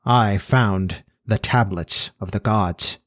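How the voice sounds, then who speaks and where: A man voicing a solemn elderly male professor who speaks quietly and gravely, with an even, metallic ring. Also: on the low side, no room sound, studio quality, voice pushed down. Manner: quiet, grave, slow and final.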